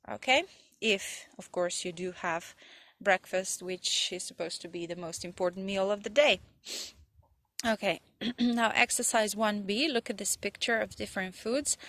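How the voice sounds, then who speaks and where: A woman's voice: medium pitch, a bit bright, no echo. A young woman, a Slovene English teacher, reading textbook passages aloud and going over the answers with her pupils. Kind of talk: recorded lesson for pupils.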